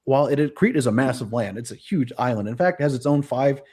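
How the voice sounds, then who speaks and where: A man's voice: medium pitch, lively intonation, fast talker, darkish tone, husky. A young man hosting a casual live stream, rambling with lots of fillers and self-corrections. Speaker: host.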